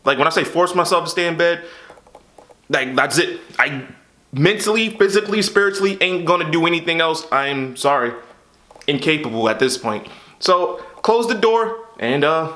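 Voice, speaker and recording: Young guy ranting to the camera, frustrated, kinda high bright voice. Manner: frustrated, exasperated storytelling with repeated "what the hell". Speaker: YouTube creator. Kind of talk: candid personal monologue to camera.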